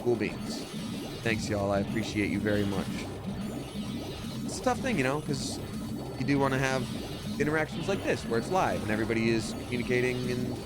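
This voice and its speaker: A male streamer talks to his chat while gaming, upbeat and slangy, quick to say sorry. His voice sits at a middling pitch. Loud game music plays behind him. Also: expressive.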